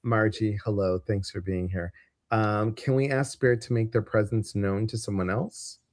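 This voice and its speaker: A man with a Midwestern American accent hosts a casual live stream, chatting and rambling with lots of ums and uhs. His voice is fairly low, dark and steady, at a moderate pace. The studio recording is clean, with no echo.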